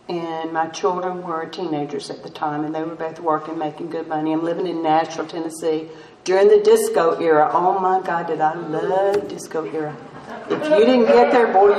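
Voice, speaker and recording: A woman's voice: on the low side, darkish tone. An older woman tells her story to a meeting with self-mocking humor and frequent laughs. Her voice carries through a roomy hall. The mic sits some distance from her, with a faint hum of noise. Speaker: AA speaker. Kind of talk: recovery meeting talk.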